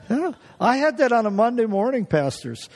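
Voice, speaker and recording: In a church, a middle-aged guest preacher with an extremely high-pitched, darkish voice delivers a folksy sermon packed with personal stories. He chuckles frequently and keeps restarting his sentences, and there's a long reverb tail.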